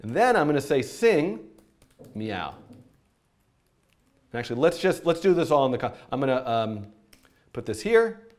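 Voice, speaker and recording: A man teaching programming while coding live, thinking aloud in an animated, rambling way and laughing at his own slips. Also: mid-range voice, moderate pace, long pauses.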